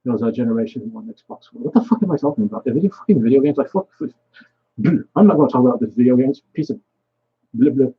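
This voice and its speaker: A man's voice: medium pitch, expressive, fast talker, husky, narrow, tinny audio. A young man vlogging a rambling solo monologue, swearing often and trailing off mid-thought.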